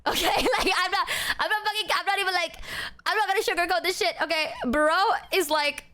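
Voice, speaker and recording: A young woman streamer chatting casually with her viewers, animated and ranting, swearing freely as she talks. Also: high-pitched. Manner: animated, swears a lot, rants.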